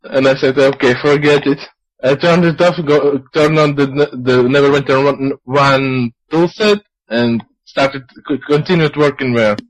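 A man's voice: mid-range voice, fairly even intonation, dry recording, low-quality recording. Guy on a gaming podcast, stops and restarts a lot, dry close mic. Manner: halting, with restarts and fillers. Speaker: podcast co-host. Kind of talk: casual chat.

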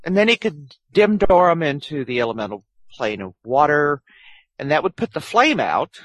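A man's voice: on the high side, big pitch swings, normal speed, a bit bright, no room sound, rough recording. A man co-hosting a casual gaming chat, joking and laughing often. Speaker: podcast co-host.

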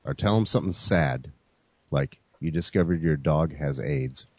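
Deep-voiced male podcast host. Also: moderate pace, darkish tone. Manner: laid-back, addresses listeners as folks, many "you know" fillers. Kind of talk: casual chat.

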